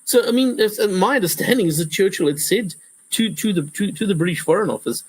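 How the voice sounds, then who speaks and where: A male professor answering interview questions in a lively conversational way, often restarting sentences and acting out quotes. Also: high-pitched, quick pace, slightly rough, no room sound, rough recording. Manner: animated, repetitive restarts, acts out quotes.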